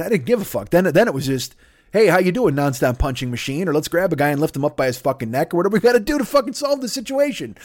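A man in his fifties hosting a podcast, talking in a blunt, rambling monologue full of swearing and restarts. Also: a little high. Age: 50s. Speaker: podcast host. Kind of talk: profane casual monologue.

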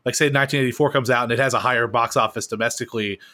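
A man chatting casually on a movie podcast at a mid-range pitch. He rambles with plenty of fillers and picks up speed when a point excites him. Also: very fast. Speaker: podcast co-host. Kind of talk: casual movie news chat.

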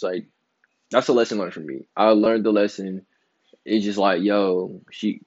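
A man's voice: low voice, no room sound, highs cut off. A man in his twenties talking casually and loosely in a solo podcast, rambling, slangy and emphatic. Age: 20s. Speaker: podcast host.

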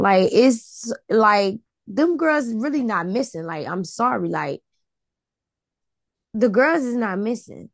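A woman with a gravelly, fry-edged voice co-hosts a casual podcast, recorded dry and close. She talks bluntly and expressively, with lots of slang. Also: fairly high pitch, expressive, takes it slowly, no room sound. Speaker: podcast co-host. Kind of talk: casual chat.

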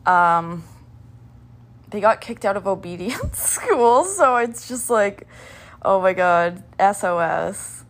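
A woman's voice: mid-range voice, animated, takes it slowly. A young woman hosting a casual podcast, rambling in a scattered, chatty way with lots of "like" and "um". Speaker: podcast host.

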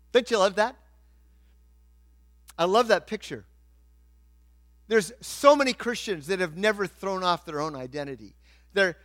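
Male pastor, middle-aged, preaching, bright tense voice, dynamic swings from soft to loud. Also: high-pitched. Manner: animated preaching, swings from quiet asides to loud emphatic lines. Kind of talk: sermon.

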